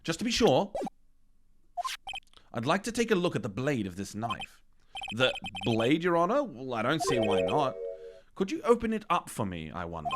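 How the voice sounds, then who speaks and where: A man voicing a sinister, smooth-talking older male police chief with a slow, deliberate Southern drawl. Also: mid-range voice, wildly swooping pitch, heavy background noise. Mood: menacing. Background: game music.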